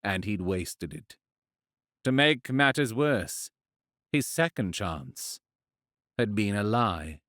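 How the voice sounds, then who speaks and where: Reading a fantasy audiobook, a male narrator uses a lowish voice and a measured, expressive delivery. The close studio mic gives a dry recording.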